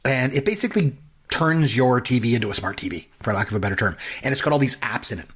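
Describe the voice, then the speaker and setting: A man co-hosting a podcast, telling a rambling, animated story in casual chat. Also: mid-range voice, quick pace, breathy edge. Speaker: podcast co-host.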